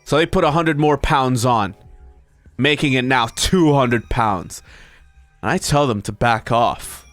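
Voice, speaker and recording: A male streamer reading an internet story aloud to his chat, breaking off into high, disbelieving comments. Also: unhurried, no echo, soft background music. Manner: animated, breaks into high-pitched disbelieving asides.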